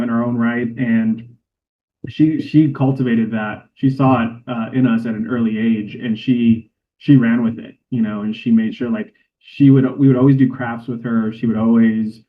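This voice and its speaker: A man, a cinematographer guest, telling a heartfelt story in a casual interview. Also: mid-range voice. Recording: tinny phone-like line.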